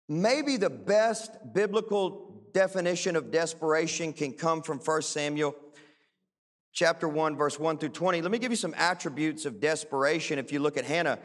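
High-voiced man preaching in a reverberant hall. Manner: animated, rising into impassioned pleading. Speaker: pastor. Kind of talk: sermon. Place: large church hall.

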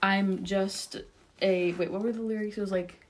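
A young woman co-hosting a casual podcast chat, with a mid-pitched voice. She talks hesitantly, piling up fillers and pauses. She often drifts off before finishing a thought. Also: steady tone, slight background noise. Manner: hesitant, full of likes and ums, trails off. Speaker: podcast co-host.

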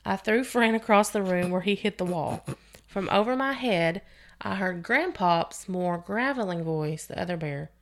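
A woman's voice: medium pitch, lively intonation, normal speed. A woman hosting a podcast, reading a scary story aloud with expression and sometimes restarting a phrase. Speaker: podcast host reading stories.

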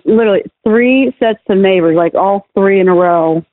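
A woman's voice: mid-range voice, moderate pace, dry recording. A woman minister being interviewed, speaking candidly in casual talk with frequent restarts. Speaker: guest minister. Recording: tinny phone-like call line.

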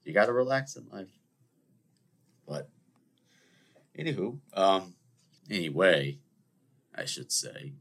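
Lively, rambling podcast host, a man. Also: sits low, slow, creaky, pauses often. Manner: rambling, animated and self-mocking. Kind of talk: casual solo monologue.

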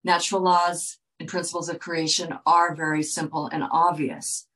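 A woman's voice: deep voice, little pitch movement, moderate pace, fairly bright tone, poor audio. A woman talking straight to her viewers in an earnest, lecturing way, often checking in with "okay?". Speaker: wellness speaker. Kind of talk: direct-to-viewer talk.

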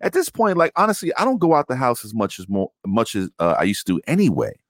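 Blunt, animated man swearing freely. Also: medium pitch, fast, no echo, studio quality. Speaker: podcast co-host. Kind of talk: casual chat.

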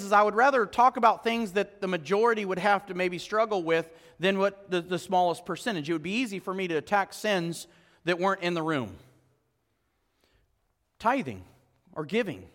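A man preaching in a church sanctuary, his voice strikingly high and bright, carried by a long hall reverb. He talks to the congregation conversationally, firing off rhetorical questions and swinging between loud emphasis and quiet, low asides. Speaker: pastor. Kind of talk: sermon.

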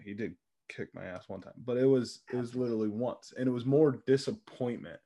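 A man in easy, casual conversation, telling lively stories that often break into laughter. His pitch sits in an ordinary middle range and he swears freely. He talks like a regular on his own show. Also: brisk. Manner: animated storytelling with frequent laughs and swearing. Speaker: podcast co-host. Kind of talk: casual chat.

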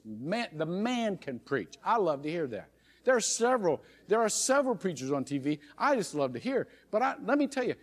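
A middle-aged man, a pastor, preaching a sermon by telling a personal story, animated and chuckling often, with frequent restarts. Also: high voice. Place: church sanctuary. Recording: long reverb of a church hall.

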